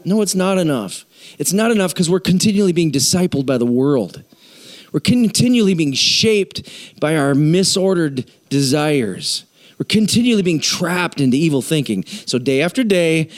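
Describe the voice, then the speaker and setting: Man, pastor, sermon, earnest, emphatic, conversational, high voice. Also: lively intonation, moderate pace.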